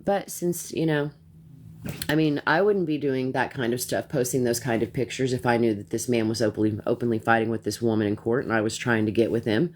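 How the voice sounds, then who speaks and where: A woman's voice: a bass voice, fairly even intonation, fairly quick, a little mellow. Blunt, profane woman ranting live. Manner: blunt, profane, repeats herself when worked up. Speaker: live-stream commentator. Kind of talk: heated social-media live rant.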